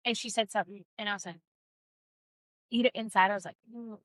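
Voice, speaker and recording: Bright-voiced middle-aged woman swearing her way thru a story on a podcast, dry sound. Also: medium pitch, fast, dry recording, low-quality recording. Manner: blunt and profane, lively storytelling. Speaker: podcast co-host. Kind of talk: casual chat.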